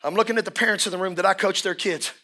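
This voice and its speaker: A middle-aged man preaching a sermon in a church, dropping to hushed asides and then rising to shouted climaxes. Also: high-pitched, racing. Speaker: pastor. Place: church service in a room.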